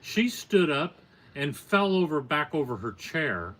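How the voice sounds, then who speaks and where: A slightly high, slightly slow male voice carries this older storyteller's long account on a podcast. His manner is plain and matter-of-fact, casual throughout, yet it climbs to animated moments.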